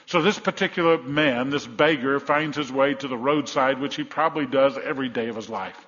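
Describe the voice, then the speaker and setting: A man with a mid-range, slightly bright voice preaches a brisk sermon, vividly retelling a Bible story and acting out the crowd's voices. The sound is dull, with long hall reverb.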